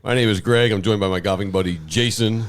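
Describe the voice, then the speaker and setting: A man's voice: lowish voice, fast talker, smooth. A man hosting a podcast, telling wild stories in casual chat and acting out the people he quotes. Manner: animated storyteller who shouts out quoted people. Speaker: podcast host.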